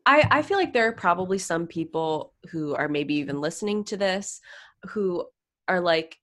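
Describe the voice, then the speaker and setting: Lowish-voiced woman, podcast cohost, chatty and animated, says like a lot. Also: normal speed. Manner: animated, gasps and laughs, frequent "like". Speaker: podcast co-host. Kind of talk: casual gossip chat.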